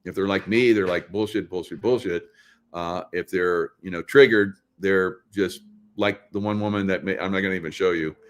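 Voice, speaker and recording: A man's voice: sits low, steady tone, normal speed, fairly bright tone. A middle-aged man hosting casual political commentary, rambling with many fillers and tag questions. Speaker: host.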